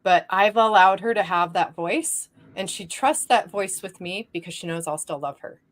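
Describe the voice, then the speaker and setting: A woman's voice: mid-range voice, moderate pace. A woman hosting a podcast, talking in an earnest, affirming way in casual conversation. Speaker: podcast host.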